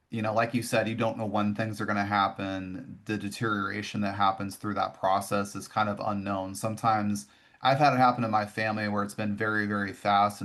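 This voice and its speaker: A man's voice: on the low side, a bit bright. A man hosting a podcast interview, asking thoughtful questions and affirming his guest. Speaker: podcast host.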